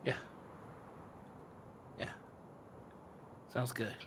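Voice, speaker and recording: A man's voice: very slow, slight background noise. A man playing a tabletop game, hesitant and careful as he checks the rules. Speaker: player. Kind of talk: tabletop role-play.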